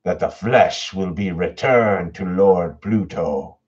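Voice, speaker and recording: A man voicing a slow, solemn cult leader. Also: low-pitched, darkish tone, husky, heavily acted. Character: sinister male cult leader performing a ritual. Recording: dull lo-fi audio.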